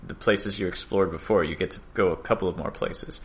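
A man's voice: low voice, fairly quick. A man co-hosting a casual podcast, chatting about game design and laughing often. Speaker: podcast co-host.

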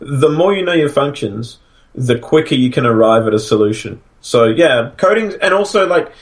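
A man co-hosts a podcast in relaxed conversation, his voice at an ordinary middle pitch. He rambles, circles back and restarts his sentences as he goes. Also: normal speed. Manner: rambling, restarts often, laughs at own stories. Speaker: podcast co-host. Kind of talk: casual chat.

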